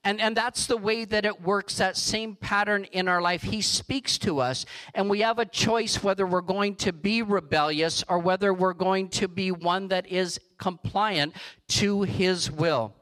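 Male pastor, high-pitched, unhurried sermon delivery, earnest and gentle. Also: fairly even intonation, rough recording. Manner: slow, earnest, drops to a soft hush for emphasis. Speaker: preacher.

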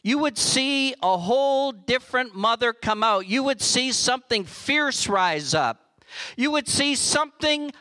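A man delivering a sermon with an earnest, emphatic preaching manner. His voice sits high and rings bright and crisp. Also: expressive, unhurried, poor audio. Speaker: pastor.

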